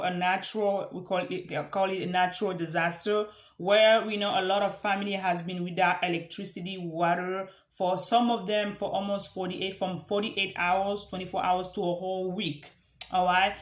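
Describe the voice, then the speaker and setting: A woman from Africa, giving an earnest motivational talk as a life coach and repeating phrases for emphasis. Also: mid-range voice. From Central Africa. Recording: echoey room.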